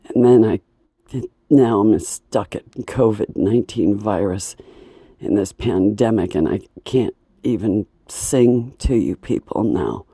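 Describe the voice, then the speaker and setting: A woman speaks in a hoarse, raspy, broken voice, her delivery slow and halting as she pleads and complains. The tone is dark and worn, and the sound is dry and close, recorded indoors at home. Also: a bass voice, no echo. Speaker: singer and breathing teacher. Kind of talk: emotional personal monologue.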